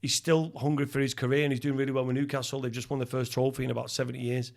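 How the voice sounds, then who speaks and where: A man's voice: mid-range voice, level tone, creaky. A middle-aged English man co-hosting a podcast, giving firm opinions on football in casual chat. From England. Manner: opinionated football talk, quick interjections. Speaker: podcast co-host.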